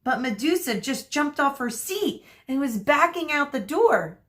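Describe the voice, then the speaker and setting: A woman teacher reading a children's chapter book aloud, her voice fairly high and her pace slow and unhurried. She reads expressively and talks straight to her young students between passages. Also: big pitch swings, fairly bright tone.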